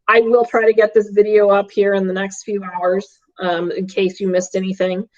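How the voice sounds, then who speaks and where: A woman's voice: medium pitch, little pitch movement, normal speed, a little mellow. A woman math teacher giving a live online class from home, upbeat and checking in with her students often. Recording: dull lo-fi stream audio.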